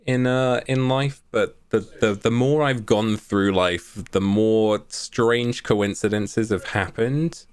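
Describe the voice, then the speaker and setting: A man's voice: on the low side, takes it slowly, hardly any pauses, clear, resonant tone, dry recording. A man hosting an interview podcast, reflecting thoughtfully and repeating words as he works through his point. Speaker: podcast host. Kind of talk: casual interview chat.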